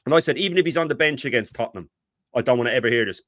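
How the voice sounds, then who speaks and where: A middle-aged man co-hosting a fan talk stream, ranting in an animated, exasperated way. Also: mid-range voice, racing, dry recording, studio quality. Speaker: co-host.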